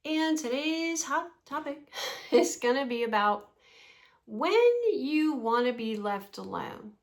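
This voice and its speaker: A woman in her sixties chats to camera in a small room at home, her voice sitting a little high. She rambles from thought to thought and laughs often as she talks. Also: slow pace. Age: 60s. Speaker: vlogger. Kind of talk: casual chat to camera.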